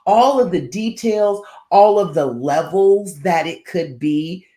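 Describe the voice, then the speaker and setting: A woman's voice: on the low side, takes it slowly, dark tone. A woman relationship coach giving direct advice on a live stream, often checking in with her listeners. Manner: direct, keeps checking in with "all right?". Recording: roomy echo.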